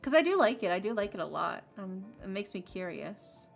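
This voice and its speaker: Chatty woman streamer, rambling and bubbly, with a gravelly edge over soft background music. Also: medium pitch, very animated, brisk. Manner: bubbly, rambling with many fillers. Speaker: game streamer. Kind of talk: casual livestream chat.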